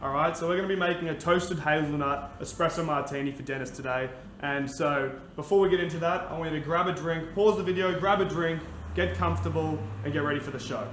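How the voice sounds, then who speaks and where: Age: young adult. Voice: upbeat male podcast host, somewhat high, echoey room, noisy background. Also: fast talker, a bit bright. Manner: upbeat, chatty, talks viewers through steps. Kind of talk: casual chat while making a cocktail.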